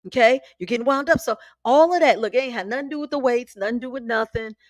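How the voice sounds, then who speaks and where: A woman's voice: on the high side, fast, no room sound. Chatty woman hosting a spiritual live stream. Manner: chatty, animated, emphatic, folksy. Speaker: spiritual content creator, live host. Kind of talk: casual live-stream talk. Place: home.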